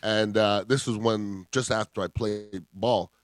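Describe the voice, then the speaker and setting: A man's voice: on the low side, steady tone, a little slow, clean tone, dry recording, clean studio sound. A middle-aged man, a former football player, chatting as a guest on a radio talk show and telling laid-back stories. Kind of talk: casual chat.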